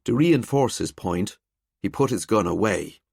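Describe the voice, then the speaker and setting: A man narrating a mystery thriller audiobook in a quiet, measured way. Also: fairly low pitch, animated, vocal fry, husky, no echo, clean studio sound. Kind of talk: scripted narration.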